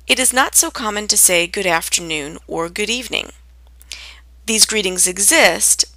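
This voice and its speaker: Woman, English teacher, bright tense tone, dry close sound, clear deliberate delivery. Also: lowish voice, no echo. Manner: clear, deliberate, acts out example phrases brightly. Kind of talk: scripted lesson on spoken greetings.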